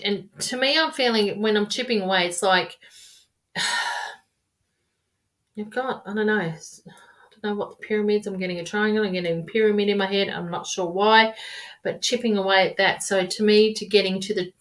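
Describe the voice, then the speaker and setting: A woman's voice: medium pitch, steady tone, normal speed, pauses often. A woman giving live-streamed tarot readings in a rambling, repetitive, affectionate way, calling viewers darling and my loves. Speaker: tarot reader.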